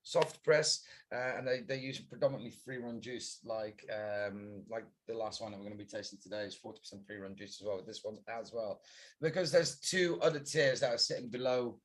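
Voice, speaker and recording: A man's voice: fairly low pitch, fairly quick. A man presenting wines on a live tasting stream, explaining with enthusiasm in rambling talk full of fillers. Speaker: wine presenter on a tasting livestream. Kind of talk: casual chat.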